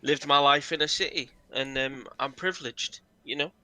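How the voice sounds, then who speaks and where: A man's voice: medium pitch, steady tone, normal speed, pushed and bright, no room sound. A man voicing a genial, well-dressed male goblin merchant who speaks plainly, with no goblin yipping.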